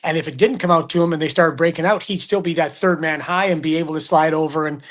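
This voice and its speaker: Man, middle-aged, slightly high voice, animated hockey storyteller, casual chat. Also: fast talker. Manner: animated storyteller, acts out quotes. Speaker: hockey broadcaster guest.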